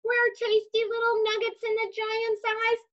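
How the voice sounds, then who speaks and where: A woman doing excitable little Martians. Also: very high voice, measured pace, voice pushed up. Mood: frightened. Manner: crying out together, excitable. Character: chorus of hungry little Mars men. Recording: slightly dull lo-fi recording.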